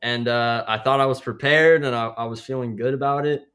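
A man's voice: mid-range voice, fairly even intonation, a little fast, a bit bright. A young man, an actor, telling a story in a hesitant, casual way with many fillers.

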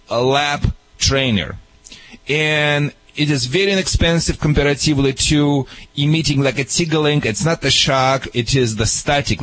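A man's voice: on the high side, fairly bright tone, poor audio. A man giving confident, joking dog training advice to a caller on a radio show.

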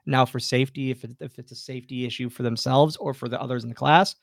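A man, a former pro wrestler, telling backstage stories as a guest in a casual interview, lively and full of acted-out quotes. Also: mid-range voice, fast talker, gravelly, no room sound, clean studio sound. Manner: animated anecdotes, acts out quoted dialogue, many restarts. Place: podcast studio.

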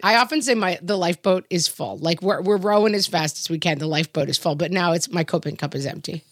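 Middle-aged female co-host, low-pitched, animated storyteller, dry studio sound. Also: fast talker, dry recording. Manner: animated storyteller, acts out quoted voices. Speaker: podcast co-host. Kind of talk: casual conversation.

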